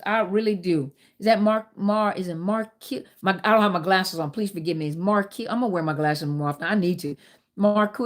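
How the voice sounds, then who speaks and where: A middle-aged woman, hosting a live talk and telling a personal story candidly, speaking straight to her viewers. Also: medium pitch. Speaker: host.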